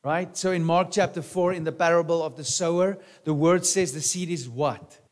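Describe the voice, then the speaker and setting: Male pastor with a lightly raised pitch, preaching in a chatty, questioning way that often turns to soft asides. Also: fairly even intonation, normal speed. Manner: conversational preaching, rhetorical questions, frequent "right?" and "amen?". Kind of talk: sermon.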